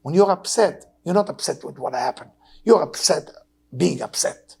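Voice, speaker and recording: A man in his sixties with an Israeli accent, a Kabbalah teacher giving an emotional sermon that swings between loud urging and low, hushed tones. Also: lively intonation, moderate pace, creaky, husky. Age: 60s. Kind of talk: impassioned sermon.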